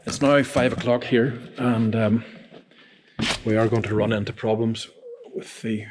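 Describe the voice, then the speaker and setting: A man's voice: fairly low pitch, fairly even intonation, measured pace, noisy background. A man working as an AV installer, talking through each step of tuning a sound system as he goes. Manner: methodical, explains each step as he works. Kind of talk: casual narrated work vlog. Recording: long hall reverb.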